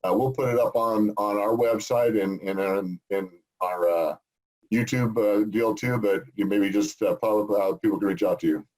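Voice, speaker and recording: A man co-hosting a casual interview, folksy and quick to laugh, stumbling over restarts. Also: on the low side, fairly even intonation, darkish tone, low-quality recording. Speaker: co-host, former football player.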